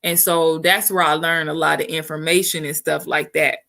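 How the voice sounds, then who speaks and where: A woman speaks candidly in relaxed conversation, circling back with easy asides to her listener. Her voice sits somewhat low but has a bright, forward edge. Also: moderate pace, gravelly. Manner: frank and chatty, often says "you know what I'm saying". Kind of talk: candid casual chat.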